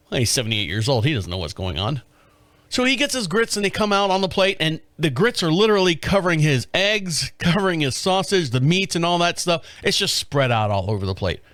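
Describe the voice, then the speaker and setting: A man's voice: fairly high pitch, no echo. Rambling man telling a story. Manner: rambling, animated, many restarts and chuckles. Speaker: podcast host. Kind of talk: casual storytelling monologue.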